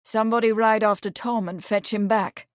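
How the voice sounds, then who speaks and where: A woman's voice: medium pitch, fairly even intonation, moderate pace, no echo, natural voice. Woman reading a firm sober english gent, takes charge, dry close voice.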